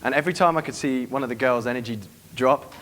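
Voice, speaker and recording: A man's voice: mid-range voice, fast talker, a bit bright. A man giving a live seminar talk to an audience, brash and profane, acting out bits of dialogue as he teaches. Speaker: dating coach giving a seminar.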